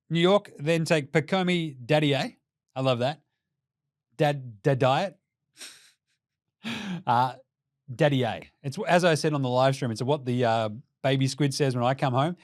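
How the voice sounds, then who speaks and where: A man's voice: a little high, moderate pace, no echo, clean studio sound. A young Australian man hosting a podcast, giving a mocking, sweary rant of casual commentary. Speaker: podcast host.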